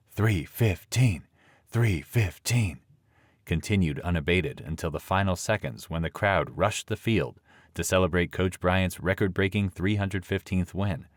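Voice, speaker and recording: Deep-voiced male audiobook narrator. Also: no room sound, studio quality.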